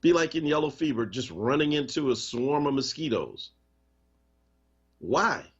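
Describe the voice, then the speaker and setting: Impassioned male talk radio host, husky. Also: mid-range voice, big pitch swings, measured pace. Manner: impassioned, conversational, emphatic. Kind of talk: live radio talk, reading listener comments. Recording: muffled radio stream.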